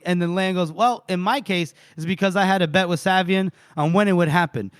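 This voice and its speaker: A man's voice: high voice, fairly quick, hardly any pauses, smooth, no echo, clean studio sound. A man co-hosting a podcast, casually retelling book scenes with lots of laughter and quoted dialogue. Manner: animated storyteller, quotes characters, laughs often. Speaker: podcast co-host recapping a book.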